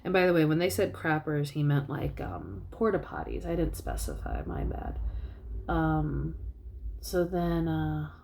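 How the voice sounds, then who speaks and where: A woman's voice: low-pitched, very animated, unhurried, gravelly, darkish tone, a little hiss or hum. A woman vlogger casually retelling a film plot in a rambling way. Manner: rambling, many fillers and restarts.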